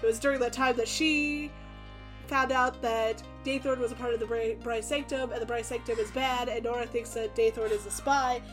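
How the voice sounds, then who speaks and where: A woman's voice: fairly high pitch, fairly even intonation, music in the background. A young woman casually recapping a tabletop game session, swearing freely, laughing and slipping into quoted voices. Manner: fast, profane, giggly recap with quoted voices. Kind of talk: casual chat.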